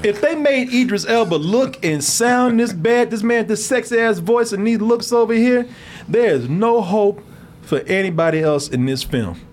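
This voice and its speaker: Animated high-pitched comedic man. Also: normal speed, slight background noise. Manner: animated, profane, laughing often. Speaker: podcast host reviewing a film. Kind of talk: comedic film-review banter.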